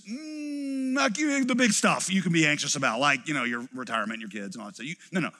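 A middle-aged pastor with a drawl preaches with animated energy. He slips into quoted voices and then drops low for emphasis. His voice is high and bright, and it carries through a long, echoing hall. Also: fast talker. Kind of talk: sermon. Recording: preached in a large reverberant hall.

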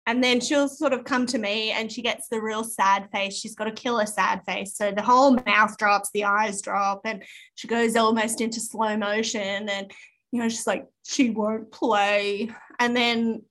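A woman in her thirties with an Australian accent, chatting casually as a podcast co-host and telling animated stories about her kids. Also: a little high, moderate pace. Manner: animated storyteller, acts out her children's whiny voices. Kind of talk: casual chat.

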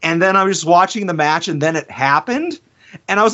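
A man's voice: fairly high pitch, animated, fairly quick, sharp tone, muffled recording. A man co-hosting a wrestling podcast in casual chat, telling rambling stories and laughing between his points. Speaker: podcast co-host.

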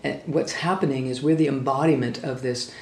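A man's voice: medium pitch, fairly even intonation, a little fast, roomy sound. A man hosting the conversation speaks sincerely and effusively in long, flowing phrases.

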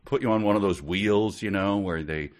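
A man's voice: fairly low pitch, moderate pace. A man co-hosting a podcast, joking through a book reading and laughing often. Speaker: podcast co-host. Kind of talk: casual comic chat and reading.

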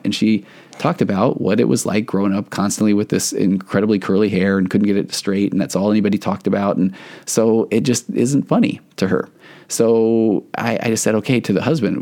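A man with a fairly low, mellow voice talks through his podcast in a casual monologue. He is earnest and reflective, and he acts out the lines of people he quotes as he tells his stories. He sounds like a therapist sharing from his practice. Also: fairly even intonation, quick pace, vocal fry. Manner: earnest, reflective storytelling, acting out quoted dialogue.

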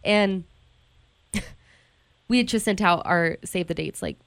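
A woman's voice: medium pitch, slow, creaky, fairly bright tone, clear, resonant tone. Woman candidly recounting a painful breakup. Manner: candid, heavy use of "like" and restarts. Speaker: guest telling her story. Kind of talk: emotional personal storytelling. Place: radio studio.

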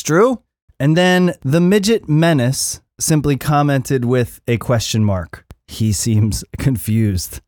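Middle-aged male podcast host, loose and profane, self-deprecating, mid-pitched, dry close sound. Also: darkish tone, no room sound. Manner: profane, rambling and self-mocking. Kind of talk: casual solo podcast rant. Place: Los Angeles area.

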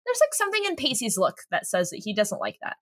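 Giggly woman with a lively, bright voice. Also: on the high side, quick pace. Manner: giggly, rambling with lots of fillers. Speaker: podcast co-host recapping a TV show. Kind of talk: casual chat.

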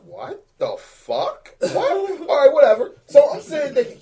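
A man co-hosting a podcast, telling school stories in casual chat, laughing often and loudly acting out what others said. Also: sits high, moderate pace, few pauses. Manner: animated, laughs often, acts out quotes loudly. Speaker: podcast co-host.

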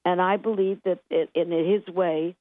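An older woman, a songwriter being interviewed, telling animated anecdotes and acting out what people said, laughing often. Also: on the low side, a little slow. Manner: lively anecdotes, acts out quotes, laughs often. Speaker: guest songwriter. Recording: tinny phone line, dry.

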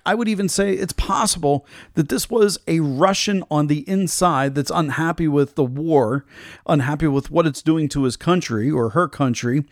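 A man's voice: on the high side, dry recording. Male host, loose chatty commentary, dry unroomy mic. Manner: casual, chatty, with fillers. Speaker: podcast host.

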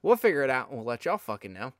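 A man's voice: medium pitch, big pitch swings, racing, no room sound, clean studio sound. A man hosting a casual podcast interview, rambling and enthusiastic, swearing freely. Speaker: podcast host.

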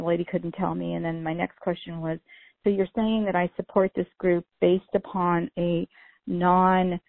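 Chatty woman with a gravelly, phone-like sound. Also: medium pitch, dry recording. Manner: chatty, storytelling, many "you know" fillers. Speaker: podcast co-host. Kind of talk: casual podcast conversation. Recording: dry, phone-like narrow sound.

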